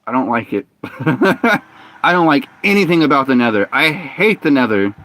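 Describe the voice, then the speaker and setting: A young man streaming a game, talking in a ranting, opinionated way with halting restarts and frustrated outbursts. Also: medium pitch, very animated, fairly bright tone, slight background noise. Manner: halting restarts and repeated words. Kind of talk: casual live-stream talk while gaming.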